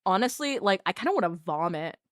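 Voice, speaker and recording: A woman VTuber chatting casually on a live stream, animated and self-mocking. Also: mid-range voice, a little fast, no room sound, studio quality, soft background music.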